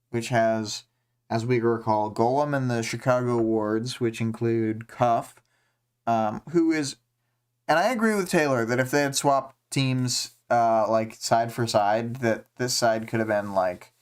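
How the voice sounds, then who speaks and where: A podcast host with a smooth, mid-range voice runs a casual livestream discussion, recapping a story. He fills it with ums and uhs and puts on voices for the quoted lines.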